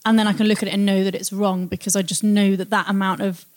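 A woman's voice: medium pitch, little pitch movement, quick pace. A woman, a guest baker, chatting in detail and laughing easily. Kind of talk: casual chat.

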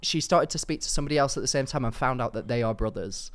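A man's voice: medium pitch, fast talker, clean tone. A man with a Northern English accent co-hosting a comic podcast, dry and teasing. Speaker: podcast co-host.

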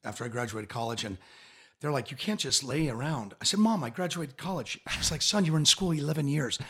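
Brief: male Elvis impersonator, 50s, rapid husky storyteller, slightly higher voice. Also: background noise. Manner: animated, laughing often, slips into quoted voices. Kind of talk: casual storytelling in an interview.

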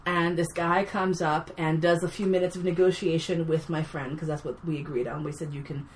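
A woman and actor telling a story in casual chat, blunt and animated, swearing freely. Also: lowish voice, a little fast, a little hiss or hum. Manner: animated and blunt, swears freely, swings loud when excited. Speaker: podcast guest, actor.

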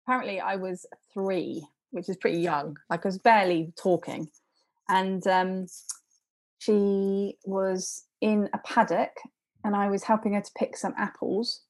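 A woman's voice: mid-range voice, steady tone, a little slow. Chatty woman guest. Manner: chatty, laughs while telling stories. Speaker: podcast guest. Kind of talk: casual podcast storytelling.

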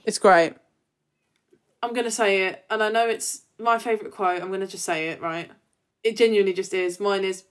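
A woman's voice: medium pitch, brisk. A woman co-hosting a podcast, chatting cheerfully and emphatically. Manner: cheerful, emphatic, swears casually. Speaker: podcast co-host. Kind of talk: casual chat.

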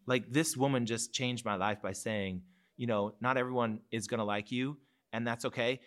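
Male co-host from Seattle, mid-range voice, relaxed storyteller, laughs easily. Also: mid-range voice, moderate pace. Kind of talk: live podcast conversation.

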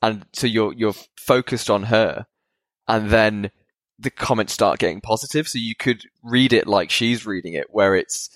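A man's voice: fairly low pitch, moderate pace, fairly bright tone, no echo. A man co-hosting a podcast, rambling and chatty with frequent laughter. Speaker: podcast co-host. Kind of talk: casual podcast chat.

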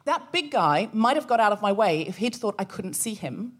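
A woman co-hosting a live comedy podcast, telling a story with animated energy and acting out the voices of the people in it. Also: mid-range voice, normal speed. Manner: animated, acts out quoted voices. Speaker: podcast co-host. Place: live theatre show.

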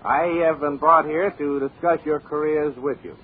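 A man's voice: fairly high pitch, fairly even intonation, close to an everyday voice. A man doing a pompous long-winded speaker. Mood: droning. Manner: pompous, droning, halting with uhs. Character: pompous male career advisor, long-winded. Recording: tinny old radio broadcast.

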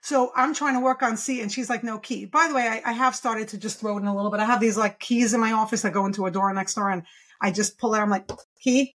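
Brief: woman, pediatric speech therapist guest, eager and emphatic, voice sits a little high. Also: fairly even intonation, fast, a bit bright. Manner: enthusiastic, emphatic, explains with rhetorical questions. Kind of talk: podcast interview.

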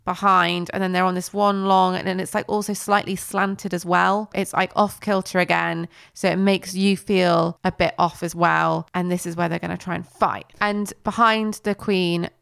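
A woman's voice: lowish voice, level tone, normal speed, gravelly, hardly any pauses, a bit bright, clean tone, no room sound, clean studio sound. A woman co-hosting a casual film review chat, rambling with lots of "like". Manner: chatty, rambling with many likes. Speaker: podcast co-host.

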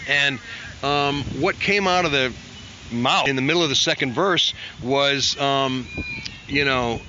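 In a casual interview, a male musician spins long, rambling tales, restarting often and voicing quotes loudly as he acts them out. His medium-pitched voice is a little slow, pushed and bright. The audio is dull, with slight background noise.

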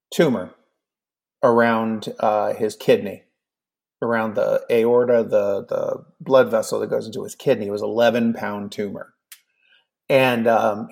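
A man in his fifties tells a long personal story in a relaxed, chatty way. His voice is gravelly and a bit husky, and he slips into the lines of the other people in the story as he goes. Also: on the low side. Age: 50s. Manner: animated storyteller acting out both sides of a conversation. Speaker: guest. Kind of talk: casual storytelling.

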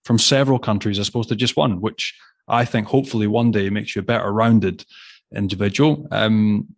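Chatty Scottish host, dry sound. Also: male voice, on the low side, fairly quick, no room sound. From Scotland. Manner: chatty, rambling, laughs easily. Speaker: podcast host. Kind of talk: casual interview chat.

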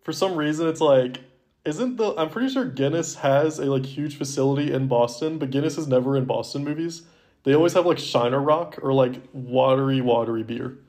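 A man's voice: medium pitch, a little fast, darkish tone. A young man co-hosting a movie podcast in casual chat, rambling and filling his sentences with "like". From Baltimore area, US. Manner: rambling, heavy use of "like". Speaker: podcast co-host.

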